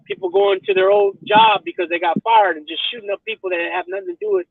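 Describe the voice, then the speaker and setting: Guy w a really high gravelly voice, cussing and rambling, tinny phone sound. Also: very animated, fast, no echo. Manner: profane, rambling, keeps asking "you know what I mean". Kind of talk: casual chat. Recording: tinny phone line, dry.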